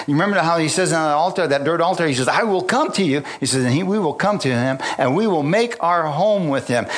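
Fired-up, chuckling preacher with a raised voice. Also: male voice, fairly high pitch. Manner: lively preaching with frequent hallelujahs and call-outs to the congregation; chuckles often while telling personal stories. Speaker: pastor. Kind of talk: sermon.

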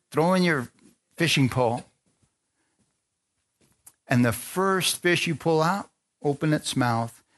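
A man preaching to his congregation with playful energy. His voice sits at an ordinary middle pitch, and he retells scripture as a lively story with voices for the characters. He keeps calling for amens along the way. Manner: excitable, playful storytelling with call-and-response. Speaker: pastor. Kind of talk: sermon.

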